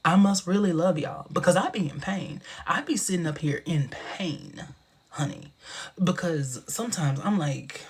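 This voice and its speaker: A man hosting a casual live stream, talking in a sassy, chatty way with a big booming laugh. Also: husky. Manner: sassy, chatty, drawn-out expressive delivery.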